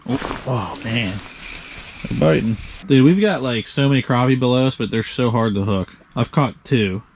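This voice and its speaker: A man vlogging while he ice fishes from a shelter, excitable and swearing casually, talking to his viewers. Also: medium pitch, moderate pace. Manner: excitable, swears, says dude a lot. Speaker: fishing vlogger. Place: ice fishing shelter on a frozen lake.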